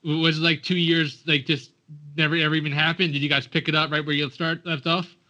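Bright-voiced enthusiastic male interviewer. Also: fairly high pitch, little pitch movement, fairly quick, low-quality recording. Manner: enthusiastic fan, fond recollections and prompting questions. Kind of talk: casual interview.

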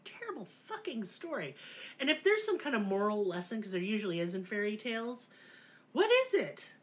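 On her podcast, a middle-aged host spins a fairy tale into foul-mouthed, sarcastic comedy. She talks a little fast, with a mid-range voice and lively intonation.

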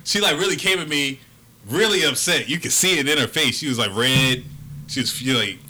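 A young man casually telling a story to friends, profane and animated, acting out what people said. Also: medium pitch, fairly quick. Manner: profane, animated, acts out quotes.

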